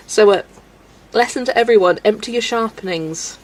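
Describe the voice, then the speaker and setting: Chatting casually and giggling a lot, this colouring livestream host speaks with a mid-range, gravelly, creaky voice. She talks a little fast but pauses often, and the recording quality is low.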